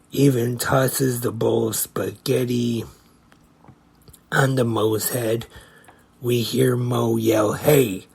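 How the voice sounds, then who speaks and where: A man's voice: mid-range voice, gravelly, a little mellow, breathy edge. A man hosting a podcast, retelling a comedy short scene by scene in a plain, casual way. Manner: slow, plain play-by-play retelling. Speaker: podcast host.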